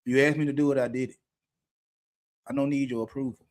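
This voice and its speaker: A man's voice: mid-range voice, flat delivery, fast, a little mellow. A middle-aged man talking candidly as a podcast co-host, blunt and profane, often laughing mid-sentence. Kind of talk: candid unscripted talk.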